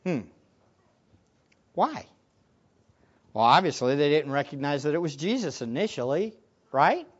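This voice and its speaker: A man preaching a sermon as pastor, animated, swinging between quiet asides and loud emphatic lines. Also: a little high, measured pace, long pauses, breathy edge. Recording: dull lo-fi recording.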